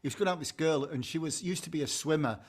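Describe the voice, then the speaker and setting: A man's voice: a little high, fast talker. A man co-hosting a casual chat, jovial, telling anecdotes and laughing through them. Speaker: co-host.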